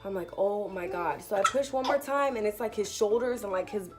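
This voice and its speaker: A young woman vlogger chatting casually through a storytime, animated and full of "like". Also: medium pitch, a little fast, over loud music. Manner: chatty, animated retelling with lots of "like".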